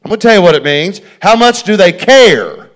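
Preacher guy, middle-aged, pretty high voice, folksy, keeps saying y'all and repeating himself. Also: big pitch swings, brisk, a bit bright. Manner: folksy preaching, addresses congregation as y'all, repeats phrases for emphasis. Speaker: pastor. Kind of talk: sermon.

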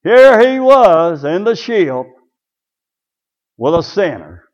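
A man preaching a folksy sermon, talking to his congregation by name and swinging from loud calls to low murmurs. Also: sing-song, slow.

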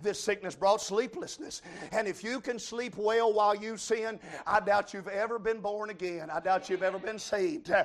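Shouting high-pitched preacher man. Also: fairly even intonation. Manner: shouting, with frequent drawn-out "uh" fillers. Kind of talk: fiery revival sermon.

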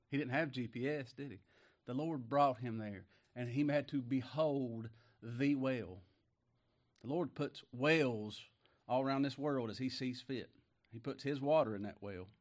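Preacher guy, folksy sermon, chuckles a lot, jumps up high when excited. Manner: chuckles often, tag questions to the congregation; bursts into high exclaims.

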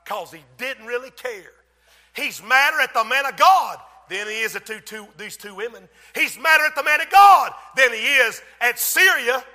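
A man preaching an impassioned sermon in a church, often rising to shouts. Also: very high-pitched, lively intonation, moderate pace, big-room sound.

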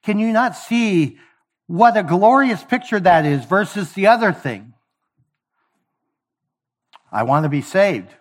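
Emphatic male preacher, slightly high voice. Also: expressive, slow, pauses often. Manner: emphatic, repeats key phrases, acts out dialogues. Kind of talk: sermon.

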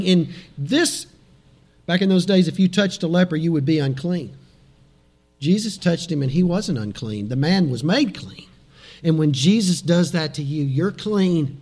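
A man preaching a sermon as pastor, animated and dramatic, dropping suddenly soft for emphasis. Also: on the high side, normal speed.

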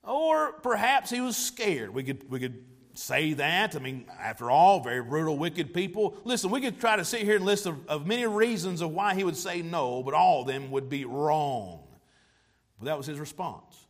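Male preacher, high voice, emphatic sermon delivery, long church reverb. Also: very animated, moderate pace. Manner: emphatic, varying pace and loudness for effect.

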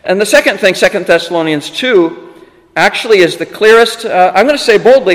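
A male preacher delivering a sermon with emphatic, animated phrasing and chatty asides. His voice is high for a man, and it carries a long reverb, as if he is in a large hall. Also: normal speed.

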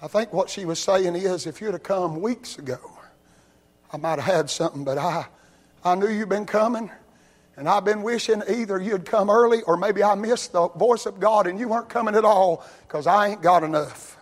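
A man preaching a sermon, telling Bible stories in a folksy way and rising to loud, shouted peaks. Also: high voice, moderate pace. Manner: builds from quiet storytelling to loud shouting.

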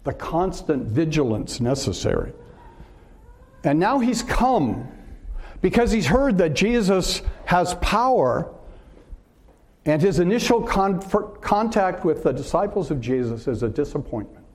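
A man preaching a sermon in an earnest way, asking rhetorical questions and pausing on filler words. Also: on the high side, very animated, a little mellow.

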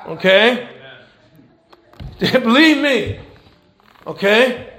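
A man preaching a sermon, animated and folksy, with rhetorical questions and repeated phrases. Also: extremely high pitch, extremely slow, echoey room. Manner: folksy Southern American church phrasing. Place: church.

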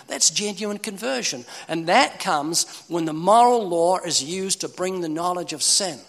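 A man preaches with urgency and pleading force, his loudness swinging sharply between loud and soft. His voice sits high and sounds bright and forceful. A long reverb from a large hall trails each phrase. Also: animated, unhurried, hardly any pauses. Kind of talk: sermon.

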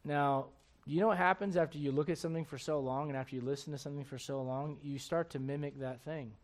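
Emphatic high-voiced male pastor preaching. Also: fairly even intonation, quick pace. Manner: emphatic, swings between loud bursts and low asides. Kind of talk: sermon. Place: church.

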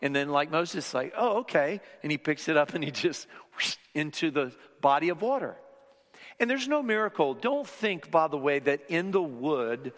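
A fairly high-voiced man delivers a sermon in a church, his voice ringing with long reverb through the hall. He swings from emphatic, raised passages down to near whispers. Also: big pitch swings, normal speed. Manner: dynamic, swinging from loud to hushed whispers. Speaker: pastor.

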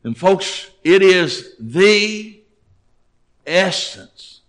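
Slow, bright-voiced preacher man. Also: lively intonation. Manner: emphatic, rising to near-shouts and dropping low; slow, deliberate preaching with repeated phrases. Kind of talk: sermon.

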